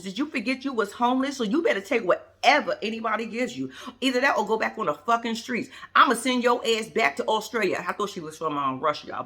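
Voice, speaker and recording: A woman's voice: on the high side, bright, forceful tone. A woman giving casual, unscripted commentary as a vlogger, blunt and profane, rambling and cutting herself off as she talks straight to her viewers. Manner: rambling, with self-interruptions. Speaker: vlogger reviewing a reality show.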